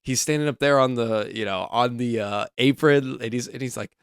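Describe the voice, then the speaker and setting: Reviewer: man, casual opinionated commentary, smooth clear voice, dry close sound. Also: medium pitch, normal speed, no room sound. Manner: rambling and opinionated, many fillers. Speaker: wrestling show reviewer.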